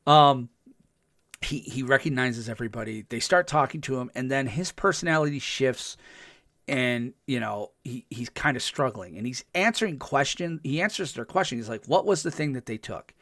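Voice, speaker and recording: A man's voice: medium pitch, expressive, normal speed, sharp tone, no room sound, studio quality. A man co-hosting a podcast, casually recapping a TV episode with lots of fillers and enthusiasm. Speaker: podcast co-host.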